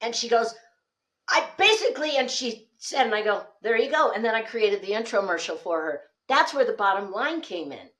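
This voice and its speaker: A woman speaking coach, a guest on a podcast, telling animated stories and acting out the dialogue. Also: medium pitch, brisk, few pauses. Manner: animated storyteller, acts out quoted dialogue. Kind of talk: lively podcast conversation.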